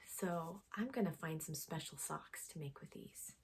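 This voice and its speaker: Breathy, excitable woman knitting podcaster. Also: fairly low pitch, unhurried. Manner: excitable storytelling, drops to breathy whispers. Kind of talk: casual chat to camera.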